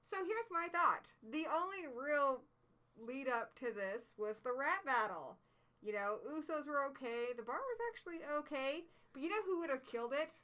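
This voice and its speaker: A woman's voice: high voice, animated, normal speed, sharp tone. A woman co-hosting a casual stream, giving enthusiastic, opinionated wrestling picks. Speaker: stream co-host. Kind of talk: casual wrestling predictions chat.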